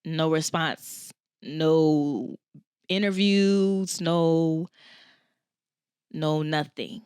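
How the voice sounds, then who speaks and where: A woman's voice: on the low side, measured pace, clear, resonant tone, no room sound, clean studio sound. Candid young woman host, fighting tears. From Philadelphia, USA. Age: 20s. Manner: candid, emotional, addresses listeners as y'all. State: holding back tears. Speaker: podcast host. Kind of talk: personal storytelling monologue.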